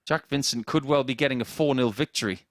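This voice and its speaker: A man's voice: medium pitch, fast, slight background noise. A man commentating on darts, chatty and joking with his co-commentator. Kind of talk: live sports commentary with banter.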